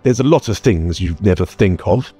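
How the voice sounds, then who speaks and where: A man's voice: deep voice, lively intonation, moderate pace, dark tone, breathy edge. A man voicing a clever, sarcastic young male adventurer, speaking articulately over faint music. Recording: dry close mic, faint music bed.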